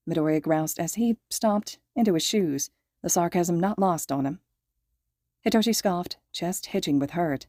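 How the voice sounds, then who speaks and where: Low, mellow woman reading fan fiction. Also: moderate pace, no room sound, studio quality. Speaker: podfic reader. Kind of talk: scripted narration of fan fiction.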